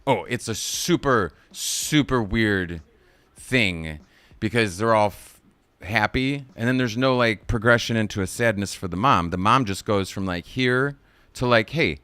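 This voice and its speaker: Profane, rambling man with a smooth voice. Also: on the low side, a little slow, bright, forceful tone, dry recording. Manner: profane, digressive, laughs at own jokes. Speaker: live-stream movie reviewer. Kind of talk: casual rambling movie recap.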